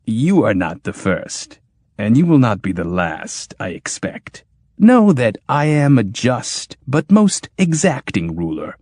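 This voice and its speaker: A man voicing a grim, exacting male tyrant king in an audiobook, booming and menacing. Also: big pitch swings, takes it slowly, a little mellow, breathy edge, no room sound, clean studio sound, heavily acted. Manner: booming, menacing, laughs like thunder.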